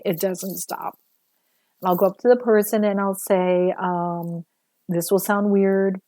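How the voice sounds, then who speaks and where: A woman's voice: medium pitch, warm tone, no room sound. A woman giving a casual livestream talk as a spiritual teacher, chatty and earnest with many fillers, a little sore after a busy day.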